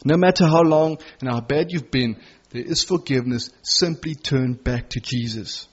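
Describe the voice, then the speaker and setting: A middle-aged man preaching a sermon with passion, rising to loud emphasis and dropping to soft, tender asides. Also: medium pitch, moderate pace, breathy edge, dull audio.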